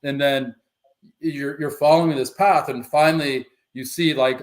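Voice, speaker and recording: A middle-aged man telling his own story on a podcast, acting out quoted dialogue with animated shifts. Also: on the high side, measured pace. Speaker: guest, former pro football player and life coach.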